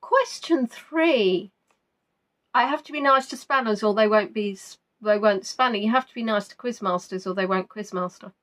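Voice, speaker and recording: A woman's voice: medium pitch, a little fast, hardly any pauses, a bit bright. A woman hosting a live quiz, reading out viewers' answers in a chatty, playful way and musing between questions. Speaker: quiz host.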